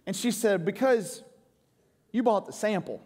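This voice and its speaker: A man preaches in a high voice. He jokes with his congregation and tells stories about home life. His voice rings with a long reverb through the church sanctuary. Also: a little slow, background noise. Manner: joking, crowd-engaging storytelling. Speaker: pastor. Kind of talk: sermon.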